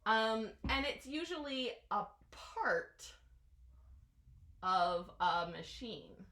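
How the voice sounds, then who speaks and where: A young adult woman teaching English vocabulary at a classroom whiteboard, explaining words slowly and modeling their pronunciation again and again. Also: fairly high pitch, animated, sharp tone. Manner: slow, careful explanations with repeated modeled pronunciations. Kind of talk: vocabulary lesson.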